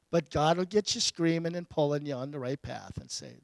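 Animated pastor, higher-voiced man. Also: moderate pace, creaky, few pauses, no room sound. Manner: animated, swinging from loud to hushed. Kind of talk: storytelling sermon.

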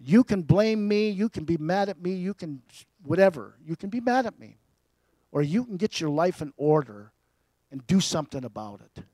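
A man voicing his stern high school coach, who firmly and calmly scolds him. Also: normal speed, no echo. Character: stern middle-aged male coach, firm and fair.

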